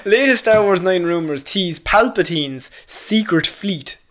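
A man with a fairly high voice co-hosts a casual movie podcast. He banters freely and laughs often. Now and then he reads news headlines aloud before riffing on them. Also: animated, unhurried, fairly bright tone. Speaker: podcast co-host. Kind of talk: casual film chat.

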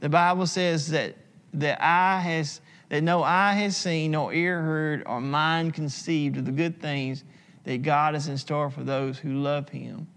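A man's voice: on the high side, fairly even intonation, a bit bright. Man preaching a sermon in a reverberant hall. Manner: emphatic, repetitive preaching with slow dramatic pauses.

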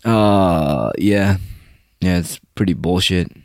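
A man's voice: low voice, slow, dry recording, clean studio sound. A young man from the United States delivering a rambling, profane, mocking monologue in casual chat.

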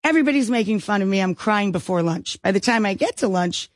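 A woman's voice: medium pitch, quick pace, no room sound. A middle-aged woman tells a story animatedly and pokes fun at herself, often breaking into laughter. She has a mid-range voice. The sound is close and dry, as in a studio. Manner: lively, self-mocking, laughing storyteller. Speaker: guest. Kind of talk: animated storytelling in a talk interview.

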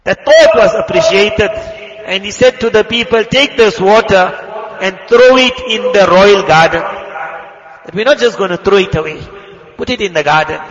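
A man preaching a fervent sermon, telling a story and quickly reciting Arabic prayers. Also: high voice, background noise. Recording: echoey hall, muffled lo-fi sound.

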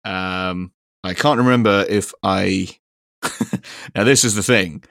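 A man's voice: low-pitched, slow pace, creaky, a bit bright, dry recording, studio quality. A young man co-hosting a casual football podcast, rambling and laughing often, with casual swearing. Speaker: podcast co-host.

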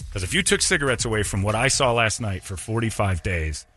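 A male radio host, ranting and joking loudly in casual banter with his co-hosts. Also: on the low side, expressive, moderate pace, faint music behind.

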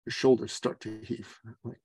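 A man in his forties tells a story as a podcast guest, in the easy manner of a business coach. He is lively and acts out other people's lines as he goes. His voice sits at a middle pitch, and the recording is dry with no room sound. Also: moderate pace, slightly rough, no room sound.

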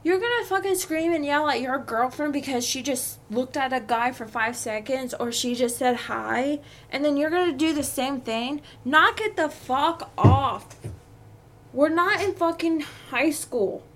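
Speaking at a moderate pace with few pauses, a high-pitched young woman vents on her podcast. She tells a heated workplace story loaded with swearing, in a casual storytelling monologue.

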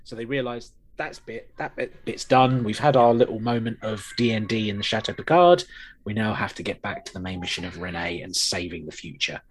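A man with a fairly low, lively voice talks briskly as he co-hosts a podcast discussing an episode. He's casual and dry-humored, meandering through his points with plenty of fillers and false starts.

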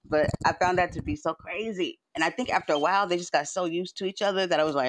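A man's voice: fairly high pitch, normal speed, no echo. A man hosting a livestream from home, chatting in a loose, rambling way that keeps restarting words, swearing freely. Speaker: livestream host. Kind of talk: casual rambling monologue. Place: at home, indoors.

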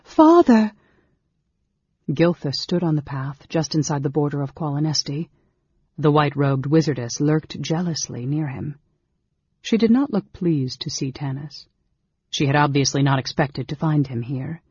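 Husky-voiced man narrating a novel. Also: on the high side, no room sound. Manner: steady, measured storytelling. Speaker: audiobook narrator. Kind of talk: scripted narration. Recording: dull lo-fi recording.

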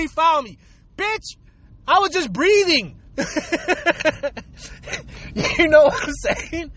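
A man's voice: extremely high pitch, fairly bright tone. A middle-aged man ranting to his viewers, swearing often and firing off rhetorical questions in a heated, profane monologue. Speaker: vlogger.

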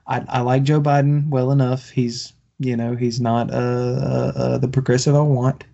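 A man's voice: mid-range voice, flat delivery, moderate pace, gravelly, mellow. A man co-hosting a podcast, ranting about politics in a casual, profane and passionate way with lots of restarts after a few drinks. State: has been drinking. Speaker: podcast co-host. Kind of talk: heated casual political rant. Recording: dull lo-fi podcast audio.

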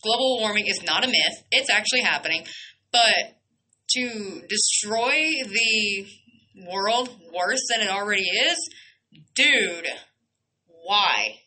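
A woman's voice: medium pitch, expressive, slow pace, pushed and bright, low-quality recording. A young woman hosting a radio show, ranting bluntly and heatedly, swearing and firing off rhetorical questions. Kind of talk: heated solo radio rant.

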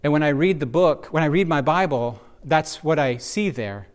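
Guy talking through a bible passage, kinda high voice, earnest, keeps restarting sentences. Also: expressive. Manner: earnest, searching, halting restarts. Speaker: Bible teacher. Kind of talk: conversational Bible discussion.

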